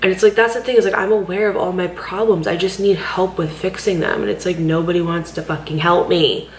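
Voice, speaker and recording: A woman with a slightly low voice vents in a rambling, frustrated way, swearing freely and leaning on "like" as she talks. She sounds tearful and worn out. The room is roomy and echoey, with a faint hum of background noise behind her. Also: fairly even intonation, a little fast. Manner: rambling, frustrated, heavy swearing, many "like" fillers. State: tearful, overwhelmed. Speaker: vlogger. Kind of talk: candid personal vlog venting.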